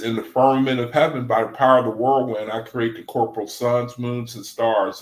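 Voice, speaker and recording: A man in an echoey room speaks into a desk microphone at a middling pitch. He leads a casual livestream scripture study. He talks loosely, keeps adding "man," and reads passages aloud between his remarks. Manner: loose and conversational, often adds "man". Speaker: Bible study group leader.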